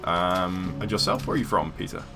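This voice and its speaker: A man's voice: low voice, fairly even intonation, moderate pace, music in the background. A man from near London, chatting casually on a game livestream, rambling with many fillers and restarts. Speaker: streamer. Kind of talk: casual livestream chat while gaming.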